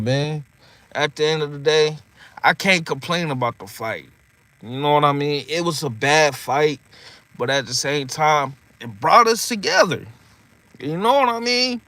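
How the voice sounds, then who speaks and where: A vlogger in his thirties, speaking a little slowly in a somewhat high voice with no room sound, tells old stories in a casual monologue. He's animated, laughs a lot, swears freely, and keeps saying "you know what I mean."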